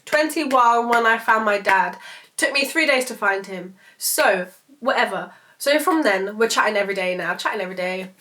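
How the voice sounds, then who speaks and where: A woman's voice: medium pitch, expressive, moderate pace, bright, forceful tone. A woman, telling a personal story to camera in a rambling, emotional way, swearing freely. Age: 20s. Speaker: vlogger. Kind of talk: casual storytelling vlog.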